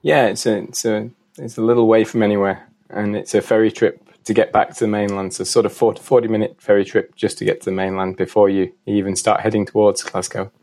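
A man's voice: lowish voice, level tone, a little fast, hardly any pauses, darkish tone. A man with a northern English accent, a guest on a podcast, modest and a bit hesitant, repeating words as he talks. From north of England. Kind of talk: casual interview talk.

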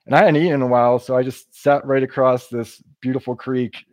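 A man's voice: mid-range voice, fairly even intonation, a little fast, dry recording. A man, a podcast guest, telling a hiking story in a casual, descriptive way. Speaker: guest, long-distance hiker.

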